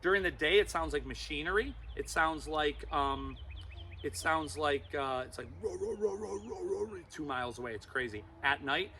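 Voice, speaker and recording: Brief: man, animal show host for kids, jokey, a touch high-pitched, faint noise behind. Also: moderate pace, bright, forceful tone. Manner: playful, joking with the kids.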